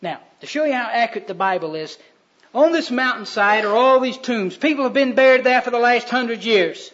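High-voiced storytelling preacher, lo-fi sound. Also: male voice, expressive, normal speed. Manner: storytelling, swinging from loud to hushed. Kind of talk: sermon. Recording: dull lo-fi recording.

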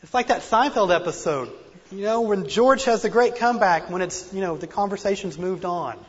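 Husky high-voiced man preaching in a hall. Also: animated, moderate pace. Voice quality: slight speech impediment. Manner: earnest, self-deprecating, varies loudness for emphasis. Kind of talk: sermon. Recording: dull lo-fi recording in a reverberant hall.

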